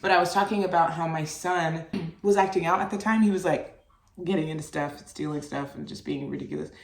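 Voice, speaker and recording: Her voice lowish and brisk, with a little hiss or hum in the background, a young mother hosts her podcast alone. She speaks loosely and candidly, rambling with lots of "like"s and casual swearing, and the roomy recording keeps her voice distant from the mic.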